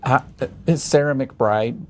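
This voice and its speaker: A man's voice: medium pitch, takes it slowly, a little mellow, a little hiss or hum. A man appearing as a guest on a podcast, speaking bluntly and provocatively in casual chat.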